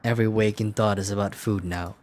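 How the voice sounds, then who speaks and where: A young man playing a text game, reading its story aloud in a hushed narrating voice and breaking off into profane, laughing commentary. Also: fairly low pitch, steady tone, brisk. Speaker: let's play gamer.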